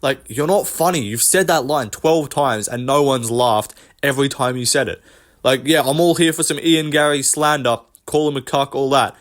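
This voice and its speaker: In a loose, rambling rant, a man who makes MMA commentary videos talks at a moderate pace in a medium-pitched voice, cursing frequently and brushing off the people he mentions with open dismissiveness.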